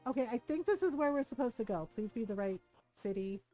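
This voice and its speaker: A woman's voice: fairly high pitch, fast, soft background music. Chatty swearing woman streamer. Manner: chatty, swearing, laughs often, animated. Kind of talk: casual chat while gaming.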